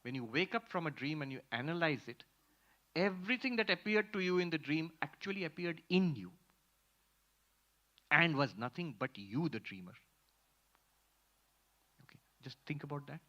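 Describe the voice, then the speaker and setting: A man's voice: fairly high pitch, lively intonation, normal speed, pauses often, pushed and bright. A man, a monk teaching Vedanta in a lecture with audience questions, emphatic and repeating key phrases. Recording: muffled lo-fi lecture recording.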